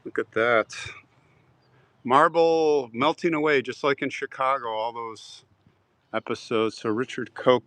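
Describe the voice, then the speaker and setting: A man talking slowly and unhurriedly at an ordinary pitch as he strolls outdoors on a live stream. He chats and jokes with his viewers and clears his throat every so often. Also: fairly even intonation, a bit bright, no echo, low-quality recording. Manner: chatty, joking with viewers, frequent throat clearing. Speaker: vlogger reading live chat. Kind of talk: casual live-stream chat while walking a cemetery. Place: outdoor cemetery.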